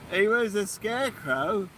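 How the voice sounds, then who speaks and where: A man's voice: sits high, a bit bright, a little hiss or hum. A man hosting a live fishing stream outdoors at night, chatting and answering viewer comments. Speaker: fishing channel host. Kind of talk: casual live-stream chat.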